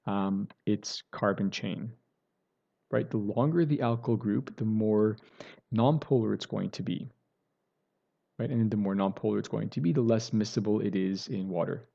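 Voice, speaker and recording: Male chemistry teacher, lowish voice, recorded lecture with a muffled computer mic; talks through steps, checks in with the class. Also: creaky, warm tone, slightly rough. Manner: explains step by step, self-correcting, many "right?" and "okay" checks.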